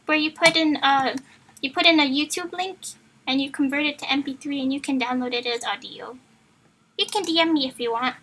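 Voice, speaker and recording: A woman's voice: high-pitched, brisk, fairly bright tone, poor audio. A woman streamer reading a book aloud to friends, playful and chatty, stumbling and going off on tangents. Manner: playful, chatty, loses her place in the text. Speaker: streamer, reader.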